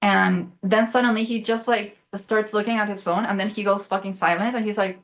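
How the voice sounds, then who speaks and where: Young woman, guest in a casual chat, mid-pitched, rambling and full of fillers. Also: fairly even intonation. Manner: fast, rambling, many fillers, swearing. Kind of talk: casual conversation, storytelling.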